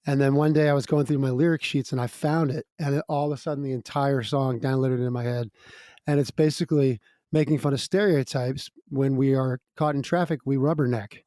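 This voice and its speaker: A man's voice: medium pitch, steady tone, a little fast, warm tone, dry recording, clean studio sound. A middle-aged man, a guest musician, telling stories in a chatty way, laughing between lines. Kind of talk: casual storytelling interview.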